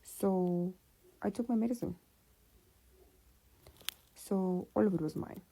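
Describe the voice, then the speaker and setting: A woman's voice: mid-range voice, takes it slowly. A woman telling a personal story in a casual, slangy, conversational way. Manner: slangy, conversational, animated retelling.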